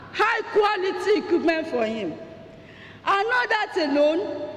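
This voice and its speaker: A male preacher delivering a fervent revival sermon in shouted bursts in a church hall. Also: extremely high pitch. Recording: echoey church hall with long reverb.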